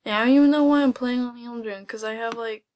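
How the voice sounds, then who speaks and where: A young woman chatting casually over gameplay, excitable and often dropping into a whisper. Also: fairly high pitch, fast talker. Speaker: gaming video host.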